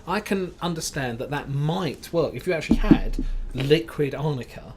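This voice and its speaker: A man's voice: a little high, expressive, moderate pace, heavy background noise. A man co-hosting a live comedy podcast, chiming in with dry quips and explanations. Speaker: podcast co-host.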